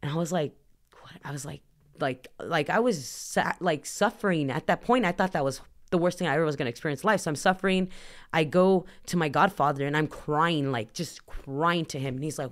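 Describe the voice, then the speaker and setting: A woman's voice: low voice, a little fast. A woman in her thirties, a podcast guest, telling her personal story candidly in a chatty way, full of "like" and acted-out dialogue. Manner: chatty, heavy use of "like", acts out dialogue.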